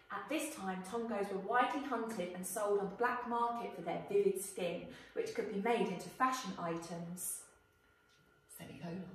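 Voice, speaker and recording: A woman teacher explaining a writing task to her pupils in a clear, questioning way, recorded for a video lesson. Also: medium pitch, recorded from a distance, a little hiss or hum. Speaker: primary school teacher. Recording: echoey room, voice off-mic.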